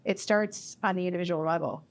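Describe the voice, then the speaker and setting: A woman on a live panel speaks in a reflective, teacherly way, with a fairly low voice. Her pace shifts between quick and deliberate. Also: steady tone.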